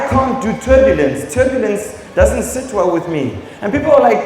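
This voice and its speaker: A young South African man doing live stand-up comedy, animated and full of impressions and sound effects. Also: high voice, moderate pace, hardly any pauses, some chatter behind. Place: stage in a large venue. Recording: echoey hall with audience noise.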